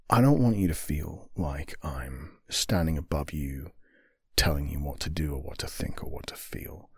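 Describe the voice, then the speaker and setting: A man hosts his podcast in an earnest, reflective monologue, sometimes sinking to a whisper. His voice is very low and husky. The sound is close and dry. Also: no echo. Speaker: podcast host and author.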